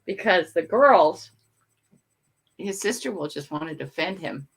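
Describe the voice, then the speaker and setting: A woman's voice: fairly low pitch, animated, unhurried, gravelly, slightly rough. An older woman hosting a casual morning livestream from home, chatting with viewers and talking to her dogs in a rambling way. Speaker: livestream host. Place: home room.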